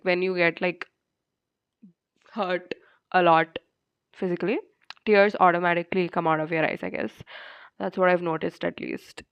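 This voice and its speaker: A young woman, chatting casually in a storytime vlog and filling her talk with "like". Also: fairly low pitch. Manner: chatty, many fillers like "like". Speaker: vlogger. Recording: dull lo-fi sound.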